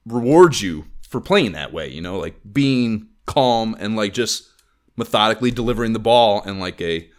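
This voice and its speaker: A man's voice: fairly low pitch, expressive, moderate pace. A man, co-hosting a casual gaming podcast, rambling and swearing with lots of fillers. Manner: rambling, profane, filler-heavy. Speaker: podcast co-host.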